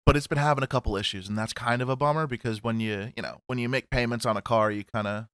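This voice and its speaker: A man's voice: medium pitch, fairly even intonation, fast talker, clear, resonant tone, dry recording. Male podcast co-host, rambling casual chatter, dry close sound. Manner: rambling, swears, laughs loudly. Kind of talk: casual chat.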